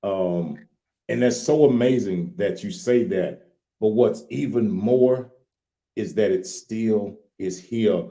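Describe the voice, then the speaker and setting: A man's voice: on the low side, slow pace. Folksy man co-hosting. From Louisiana. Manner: animated, repeats "look here", folksy. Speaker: co-host. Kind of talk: casual chat.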